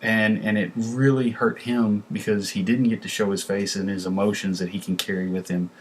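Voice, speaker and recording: A movie reviewer speaks at normal speed in a fairly low voice with a level tone, chatting casually about a film with lots of fillers and restarts. Background noise is audible.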